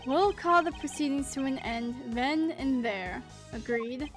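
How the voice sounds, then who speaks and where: A woman's voice: high-pitched, measured pace, faint music behind. A woman voicing a pompous older man in a courtroom, condescending and calling others "dear boy". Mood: grudging. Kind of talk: reading game dialogue aloud.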